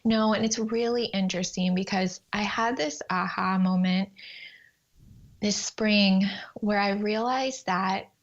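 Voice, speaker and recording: A woman guest telling animated stories on a faith podcast, often acting out her prayers in a higher voice. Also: a little slow, lo-fi sound. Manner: animated storyteller, acts out prayers in a high voice. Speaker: guest, time management coach.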